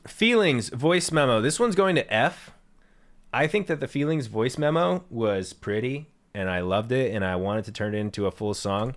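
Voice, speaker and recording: A young man who streams and makes music chats casually on a livestream about his own songs. His mid-range voice is expressive and moderately paced, and he's candid and rambling, swearing freely.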